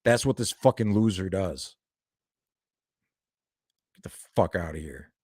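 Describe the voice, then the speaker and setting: A man's voice: low-pitched, animated, measured pace, a little mellow, dry recording, studio quality. A young man doing a heated, profane reaction video, ranting and calling people out. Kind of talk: angry reaction commentary.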